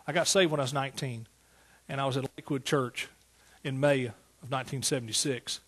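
A man's voice: mid-range voice, steady tone, brisk, slightly rough. A man, a pastor preaching a sermon in a folksy, storytelling way that rises to emphatic praise. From East Texas.

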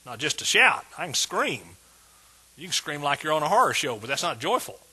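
A pastor with a husky, bright-edged tenor delivers an emphatic sermon. He drives his points home word by word, his voice rising slightly above the usual male range as he builds toward praise. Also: on the high side, big pitch swings, a little fast. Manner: emphatic preaching, repeats words with rising intensity.

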